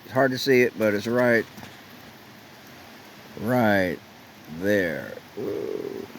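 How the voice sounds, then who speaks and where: A man filming a relaxed, rambling camping vlog at an outdoor campsite on a handheld camera. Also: fairly low pitch, takes it slowly, rough recording. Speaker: vlogger. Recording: faint outdoor noise.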